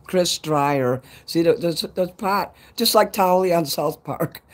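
A man's voice: a little high, a little hiss or hum. Rambling man with a Chicago accent. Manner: rambling, chatty, swears freely. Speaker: livestreamer. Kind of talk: casual live-stream chat.

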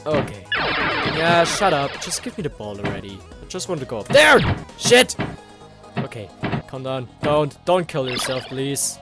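A young man hosting a gaming let's play, excitable, yelling and swearing at the game, then rambling and hesitant as he talks to viewers. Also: medium pitch, normal speed. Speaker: gaming channel host. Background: game music and sounds.

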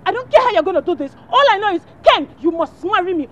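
Enraged fiancée. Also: female voice, very high voice, lively intonation, fast, dull audio. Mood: furious. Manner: shouting, threatening. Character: furious young fiancée, threatening and proud. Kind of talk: film drama.

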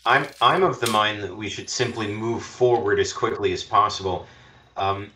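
A man playing a tabletop game, stating his view in a measured, deliberate way. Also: fairly low pitch, bright, forceful tone, echoey room. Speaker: player. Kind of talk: casual game talk.

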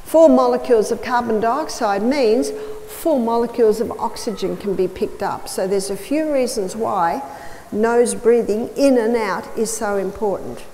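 A woman's voice: on the high side, moderate pace, dark tone. Woman health lecturer in a reverberant hall. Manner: storytelling, emphatic repetition. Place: large hall or church. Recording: reverberant hall with faint noise.

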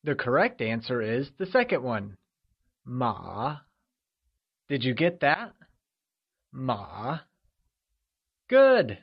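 A man narrating a scripted language lesson, upbeat and encouraging, drawing out modeled syllables slowly. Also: mid-range voice, big pitch swings, dull audio. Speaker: language teacher.

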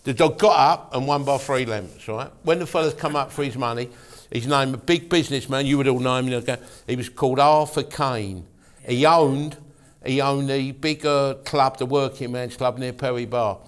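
A man's voice: medium pitch, normal speed, faint music behind. A man from England telling a blunt, swearing racing anecdote, checking in with "right?". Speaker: guest storyteller.

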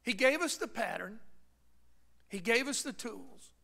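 Bright-voiced preacher man telling a story. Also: very high-pitched, animated, unhurried, gravelly. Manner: storytelling that builds to a fervent preach. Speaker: pastor. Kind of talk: sermon with personal story. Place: church.

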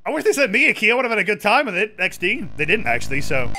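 A man streaming a game, giving casual commentary, excitable and swearing often as he yells at what happens on screen. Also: high voice, fast, slight background noise. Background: game music.

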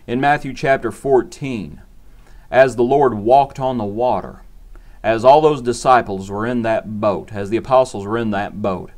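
A man's voice: medium pitch, moderate pace, a little mellow. A man preaching a short devotional sermon in an earnest, repetitive cadence.

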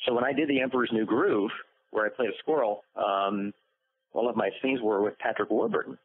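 A man voice actor telling lively stories in an interview, acting out the quotes. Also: fairly low pitch, fairly quick, breathy edge. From United States. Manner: lively storyteller, acts out quotes. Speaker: voice actor guest. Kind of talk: interview anecdotes. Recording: dry phone-like line.

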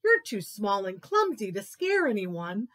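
A woman voicing a teasing older tiger brother in a storybook, in a gentle, fairly plain voice. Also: medium pitch, big pitch swings, measured pace.

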